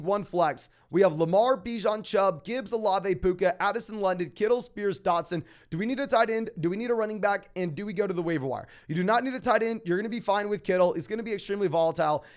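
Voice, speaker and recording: A young man hosting a casual fantasy football Q&A, reading out viewer questions and answering them in a quick, emphatic way. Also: high voice. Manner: fast, emphatic, calls listeners "my man". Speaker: fantasy football podcast host.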